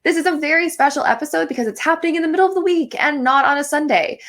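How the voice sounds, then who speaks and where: A woman's voice: sits high, very fast, a bit bright. A young adult woman hosting a podcast, chatting casually and enthusiastically in a review, with lots of filler words. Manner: gushing, enthusiastic, many fillers. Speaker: podcast host.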